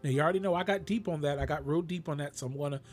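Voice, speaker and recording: A man's voice: on the high side, very fast, faint music behind. A man preaching a radio sermon, talking straight to his listeners and rising to sudden exclamations.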